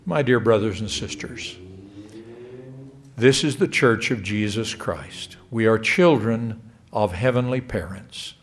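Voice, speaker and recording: A middle-aged man delivering a sermon to a congregation in a measured, emphatic way. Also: on the low side. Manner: measured, lively rising emphasis. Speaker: church speaker.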